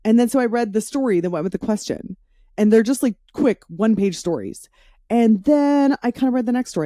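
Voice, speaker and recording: A woman's voice: mid-range voice, a little fast, warm tone, no echo, clean studio sound. A woman hosting a podcast, enthusiastic and chatty in casual conversation. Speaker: podcast host.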